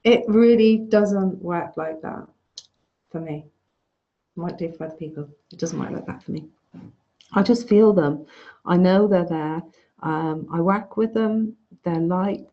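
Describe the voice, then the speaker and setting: Gravelly-voiced woman teaching online. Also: on the low side, fairly even intonation, measured pace. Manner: chatty, frank, restarts phrases. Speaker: course teacher. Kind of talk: casual online lecture. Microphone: video call. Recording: dull lo-fi video call audio.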